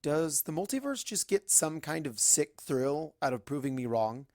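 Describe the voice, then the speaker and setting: A man narrating a fan-fiction story in first person, with a brisk, wry, chatty delivery. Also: fairly high pitch, lively intonation, darkish tone, no room sound, clean studio sound. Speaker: fanfic reader.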